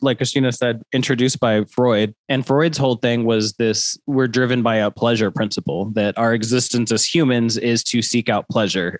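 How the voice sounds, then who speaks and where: A man whose nose is blocked up by allergies talks through psychology ideas in a relaxed, joking way. The sound is dry and close, with no room around it. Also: mid-range voice, dry recording. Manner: loose, joking, explains in plain terms. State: congested from allergies. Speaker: podcast co-host. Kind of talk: casual explanatory chat.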